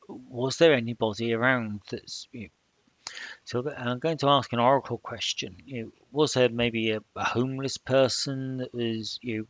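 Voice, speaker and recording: A man narrating his solo tabletop game, in a halting manner with many fillers. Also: mid-range voice, steady tone, no echo, lo-fi sound. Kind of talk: solo role-play narration.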